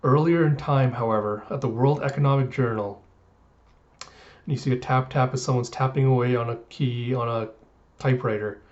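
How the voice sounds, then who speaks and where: A man's voice: medium pitch, steady tone, moderate pace, darkish tone. A man retelling a comic chapter in a casual recap, loose and full of asides, as a reviewer on a dull lo-fi recording. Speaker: manga reviewer.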